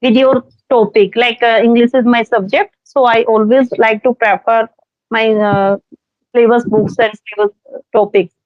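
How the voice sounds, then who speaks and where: A woman's voice: on the high side, fairly even intonation, moderate pace, no echo. Indian woman teacher on a dull video call. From Haryana, India. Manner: hesitant, many uh fillers, earnest. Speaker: English teacher. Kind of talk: casual conversation practice call.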